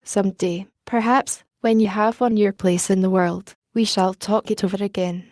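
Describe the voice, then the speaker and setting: A woman voicing a gentle young woman, tender and soft-spoken. The mellow reading is close and dry. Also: mid-range voice, steady tone, moderate pace, dry recording, close to an everyday voice.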